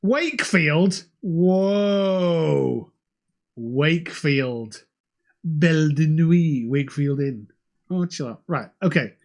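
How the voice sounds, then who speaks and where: A young British man chats casually to his livestream audience, cursing freely and lurching between high and low. His voice sits on the higher side for a man and moves with a lot of melodic range. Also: slow. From United Kingdom. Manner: animated and sweary, jumping between high and low. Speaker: livestream host. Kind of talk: casual streamer chat.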